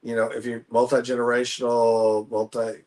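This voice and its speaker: A man co-hosting a casual real estate panel chat, telling stories in a chatty way and trailing off softly at the ends of his thoughts. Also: medium pitch, completely flat delivery, fairly quick. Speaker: real estate agent and co-host. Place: Houston.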